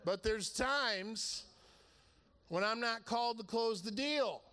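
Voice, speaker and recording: A man's voice: very high-pitched, slow, bright, forceful tone, clear, resonant tone. A man preaching in a casual storytelling way, laughing as he acts out the conversations in his story. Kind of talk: storytelling sermon.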